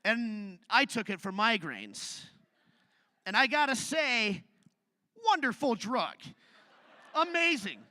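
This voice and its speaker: A man's voice: very high voice, sing-song, slow, long pauses, bright, forceful tone, dry recording. A man doing a live stand-up set on a theatre stage, telling self-deprecating stories in a conversational way. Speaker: stand-up comedian.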